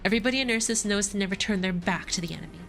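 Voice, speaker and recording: A woman voicing a gruff, stern city guard who is curt and threatening toward outsiders in a game story. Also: mid-range voice, rapid-fire, fairly bright tone, soft background music.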